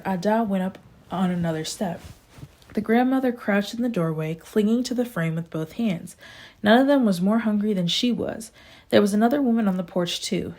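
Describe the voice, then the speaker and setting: Gravelly-voiced woman reading an audiobook. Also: medium pitch, a little mellow. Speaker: audiobook reader. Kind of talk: amateur audiobook narration.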